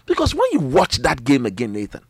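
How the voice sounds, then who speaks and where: A man's voice: medium pitch, wildly swooping pitch, a little fast, breathy edge, no room sound, studio quality. A man, an emphatic, boastful football pundit in heated banter.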